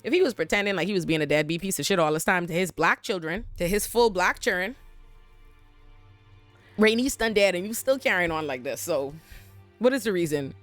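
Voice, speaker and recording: Animated, foul-mouthed woman recapping TV. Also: lowish voice, fairly quick, no room sound, faint music behind. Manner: animated, profane, emphatic. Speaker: host. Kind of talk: casual TV recap commentary.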